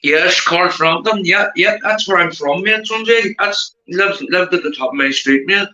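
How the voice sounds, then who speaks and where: Chatty belfast man, bright echoey sound. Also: normal speed, muffled recording. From Northern Ireland. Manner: chatty, keeps saying mate, animated rises in pitch. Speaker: livestream host. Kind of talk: casual livestream chat.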